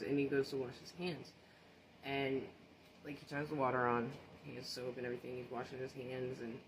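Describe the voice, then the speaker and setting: A man's voice: mid-range voice, a little hiss or hum, low-quality recording. A man casually telling a story, rambling with many fillers and restarts.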